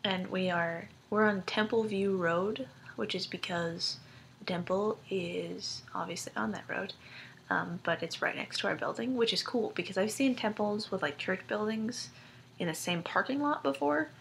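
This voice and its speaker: A woman's voice: medium pitch, normal speed, creaky, a bit bright, a little hiss or hum. A young woman vlogging casually to her friends, rambling with many ums and likes and giggling between thoughts. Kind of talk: casual video-letter chat to friends.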